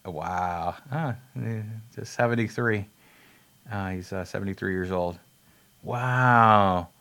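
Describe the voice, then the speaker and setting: A man's voice: on the low side, slow pace, pushed and bright, smooth. A man casually talking about a film he watched, rambling with many fillers and restarts, laughing at himself and swearing now and then. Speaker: film reviewer. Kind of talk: rambling casual movie talk.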